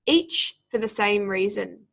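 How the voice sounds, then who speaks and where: Gravelly-voiced woman tutoring pronunciation. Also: medium pitch, a bit bright. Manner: clear, deliberate teacher reading aloud. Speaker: speaking tutor. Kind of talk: exam prep lesson.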